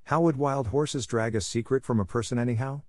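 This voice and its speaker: A man narrating a classic novel as an audiobook, reading in a steady, even way. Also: medium pitch, a little fast, no room sound, clean studio sound. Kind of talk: scripted narration.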